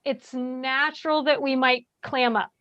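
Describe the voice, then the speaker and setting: A woman calmly explaining how to handle tense situations, often checking in with "right?". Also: high-pitched, unhurried, no room sound. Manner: calm, explanatory, many "right?" tags. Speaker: bystander intervention trainer. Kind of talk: workshop discussion, answering questions. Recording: dry, dull lo-fi sound.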